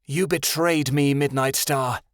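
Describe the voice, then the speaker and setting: A man's voice: mid-range voice, steady tone, unhurried, dry recording, clean studio sound, voice pushed up, lightly acted. A man voicing a resentful male dragon who snarls and hisses his words. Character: bitter male dragon, sharp-tongued.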